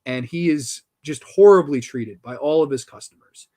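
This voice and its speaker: A man with a fairly high voice hosting a horror movie review show in a loose, chatty way. He gushes enthusiastically about the films, trips over his words and swears casually. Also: moderate pace. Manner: enthusiastic and animated, swears casually, many restarts. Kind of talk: casual film review chat.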